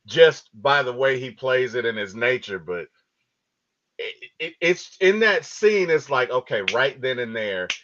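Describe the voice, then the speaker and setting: A man co-hosting a podcast, chatting casually about a movie and telling stories with lively acted-out quotes. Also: medium pitch, a little slow. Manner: animated storytelling, acts out quotes. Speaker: podcast co-host. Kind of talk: casual movie review chat. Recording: dull lo-fi audio.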